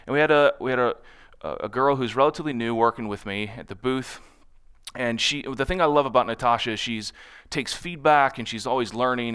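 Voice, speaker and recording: A man's voice: mid-range voice, fairly bright tone, clear, resonant tone. Man giving a conversational conference talk. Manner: conversational, often adds "right?" to check in. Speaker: conference speaker. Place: conference stage in front of an audience.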